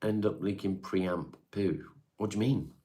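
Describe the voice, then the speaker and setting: A laid-back man hosts a live stream, reading out viewer comments and answering them. His voice sits very low, and he talks in a loose, offhand way with casual swearing. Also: unhurried, mellow.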